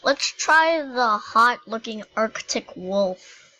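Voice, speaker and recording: A woman's voice: a little high, expressive, slow, pushed and bright, dull audio. A woman giving playful, giggly gameplay commentary as a YouTuber. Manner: playful and giggly, silly jokes. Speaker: gaming YouTuber.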